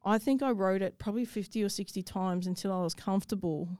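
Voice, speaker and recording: A woman's voice: medium pitch, fast, a little mellow, no room sound. A woman, telling a personal story in an interview, blunt and swearing freely. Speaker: guest.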